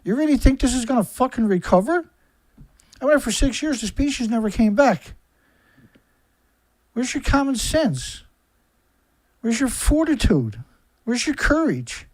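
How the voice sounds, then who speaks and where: A man delivering an angry, profane monologue to camera, firing rhetorical questions that build from low and subdued to loud shouting. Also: big pitch swings, unhurried, pauses often, dry recording, rough recording. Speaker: environmentalist video commentator.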